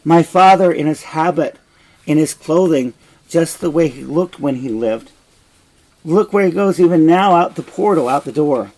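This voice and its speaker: A man's voice: medium pitch, normal speed, gravelly, few pauses, warm tone, low-quality recording. A man reading a young prince's lines, reciting the verse raised and emphatic. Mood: urgent. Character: young prince, bitter and anguished.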